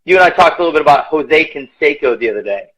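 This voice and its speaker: A man's voice: on the high side, animated, racing, a bit bright, rough recording. A man co-hosting a live podcast in casual chat, joking and sarcastic. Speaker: podcast co-host.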